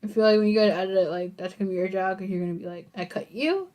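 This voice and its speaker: A woman's voice: mid-range voice, little pitch movement, racing, warm tone. A woman co-hosting a podcast in casual chat, playful and rambling with goofy asides. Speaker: podcast co-host.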